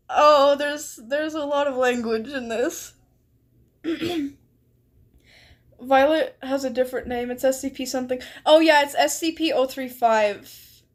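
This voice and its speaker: A young woman streaming live in casual chat, reading a chat log aloud and laughing often as she talks. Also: high voice. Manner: giggly, laughs often mid-sentence.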